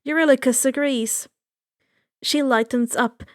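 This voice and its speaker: A woman narrating a fan fiction story aloud in a steady storytelling manner. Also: a little high, measured pace, no room sound, studio quality. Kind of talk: audiobook narration.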